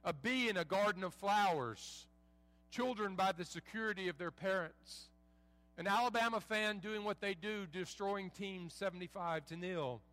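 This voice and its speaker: A man preaching as a pastor, reading scripture and praying in an earnest, measured way with folksy asides, a bit under the weather. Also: sits high, pushed and bright. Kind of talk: sermon with scripture reading and prayer. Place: church sanctuary.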